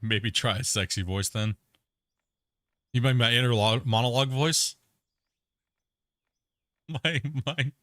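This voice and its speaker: Speaking slowly and pausing often, a man runs a live gaming stream full of relaxed, rambling chat, laughing at himself and saying "bro" and "you know what I mean" a lot. His medium-pitched voice is fairly bright, recorded at studio quality with no echo.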